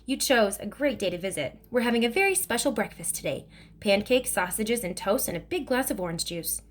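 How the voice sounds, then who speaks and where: Woman reader doing a warm, no-nonsense mother figure from a storybook. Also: mid-range voice, expressive, a little fast, lightly acted. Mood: kind. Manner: warm with the child, sharp with her father. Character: kind but scolding grown woman, a mother.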